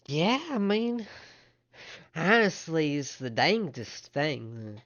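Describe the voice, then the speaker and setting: A man's voice: on the high side, big pitch swings, slow pace, fairly bright tone, lo-fi sound, pitched above the performer's own voice, exaggerated voice. A man putting on a folksy gray-haired village woman. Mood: gossipy. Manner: folksy rural grammar, gossipy.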